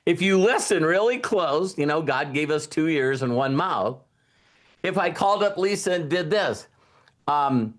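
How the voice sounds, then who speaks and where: A man's voice: on the high side, normal speed. A middle-aged man giving a motivational talk who keeps acting out little conversations as he goes. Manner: animated, acts out little dialogues. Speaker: motivational speaker.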